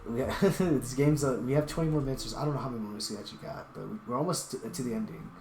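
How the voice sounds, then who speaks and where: A man's voice: medium pitch, rapid-fire, noisy background. A man streaming a story game, reading its first-person narration aloud in an earnest, reflective way with small restarts. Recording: roomy echo with game music.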